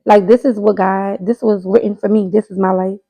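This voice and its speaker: A woman's voice: mid-range voice, fairly even intonation, dark tone, poor audio. A woman in her thirties co-hosting a casual podcast chat, speaking candidly and emphatically. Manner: candid and emphatic, quick bursts. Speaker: podcast co-host.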